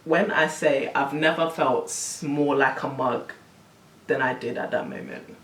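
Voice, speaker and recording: A young woman telling a story on her vlog, animated and exasperated, full of slang. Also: extremely low pitch, a little slow, distant mic. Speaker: vlogger. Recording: roomy, camera set back.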